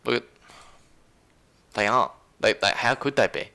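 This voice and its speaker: A man's voice: medium pitch, normal speed, gravelly, bright, forceful tone. A man with an Australian accent hosting a casual live stream, rambling and incredulous as he reads chat aloud. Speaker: stream host.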